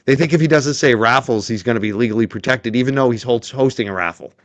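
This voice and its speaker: A man's voice: mid-range voice, fast, no echo, highs cut off. A man hosting a commentary stream, ranting in a sarcastic, mocking tone. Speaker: show host and commentator. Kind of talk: livestream commentary.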